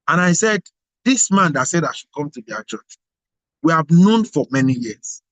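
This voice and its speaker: A man's voice: on the high side, expressive, brisk, no echo, poor audio. Male leader, preachy and repetitive, dry close recording. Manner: emphatic, repetitive, rhetorical questions. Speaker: global president of organization. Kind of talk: motivational address.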